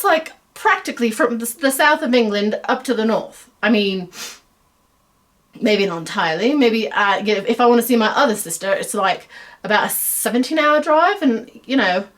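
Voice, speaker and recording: A middle-aged American woman hosting her own web series in a put-on Australian accent, rambling chattily through a stream-of-consciousness monologue full of fillers and self-deprecating asides. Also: a little high. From United States.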